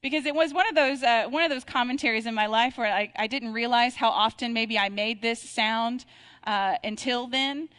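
A woman pastor in her thirties delivers a sermon with a somewhat high voice. She speaks in a reflective, conversational tone and slows down to draw out key lines of scripture. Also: fairly even intonation, fairly bright tone.

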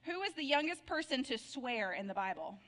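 Woman pastor cracking bible jokes, higher voice, long hall reverb, playful. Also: very animated, fairly quick, a bit bright. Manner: playful, laughs at her own jokes.

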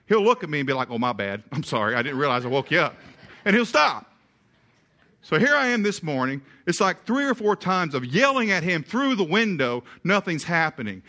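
Bright-voiced preacher telling stories. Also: male voice, high-pitched. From eastern Kentucky. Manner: folksy storyteller, animated, with repeated words and restarts. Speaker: pastor. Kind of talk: sermon with a humorous story.

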